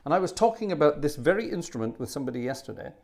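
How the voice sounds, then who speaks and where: A man's voice: a little high, big pitch swings, very fast, darkish tone. A middle-aged man chatting casually between pieces as host of his own live organ stream, rambling and joking. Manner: chatty, rambling, jokey asides.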